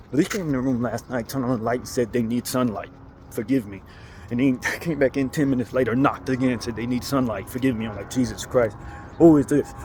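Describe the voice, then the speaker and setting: A man's voice: medium pitch, a little mellow, a little hiss or hum. A man casually telling a rambling story while walking outdoors, often chuckling. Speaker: vlogger. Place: outdoors on a city street, walking.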